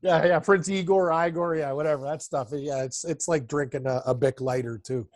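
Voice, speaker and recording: Blunt, excitable man from Toronto. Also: fairly high pitch, moderate pace, no room sound, studio quality. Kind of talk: casual sports chat.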